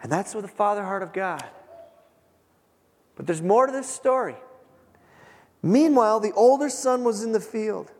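A man preaching a sermon, retelling a scripture story with dramatic pauses and emphasis. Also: high voice, animated, darkish tone. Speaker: pastor. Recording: long hall reverb.

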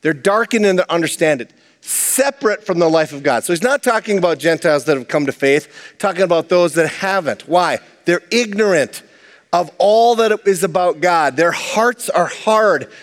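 High-voiced man preaching in a hall. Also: moderate pace. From Minnesota, USA. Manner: animated, conversational preaching with asides. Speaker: pastor. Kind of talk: sermon.

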